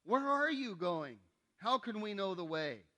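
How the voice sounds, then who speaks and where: A man's voice: high-pitched, big pitch swings, measured pace, pushed and bright, exaggerated voice. A man voicing a bewildered male disciple who pleads with his teacher in a raised voice.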